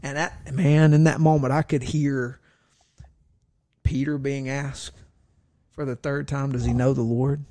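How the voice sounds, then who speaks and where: A middle-aged man, a pastor, telling a story in casual conversation and acting out the voices he quotes with lively energy. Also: medium pitch, unhurried, no echo.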